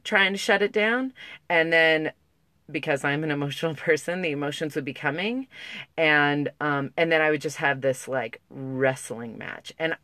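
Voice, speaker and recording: A woman's voice: low voice, a bit bright, dry recording. A woman talking candidly to camera, emotional and close to tears, with lots of likes and restarts. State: on the verge of tears. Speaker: parenting vlogger. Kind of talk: casual talk to camera.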